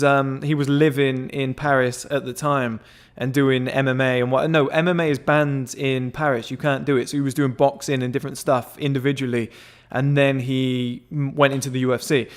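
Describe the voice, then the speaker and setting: A young man telling a rambling, excited story in casual chat, swearing often and filling with "like" and "whatever". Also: medium pitch, moderate pace. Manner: excitable, swears a lot, rambling with many fillers. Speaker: members club founder telling a story.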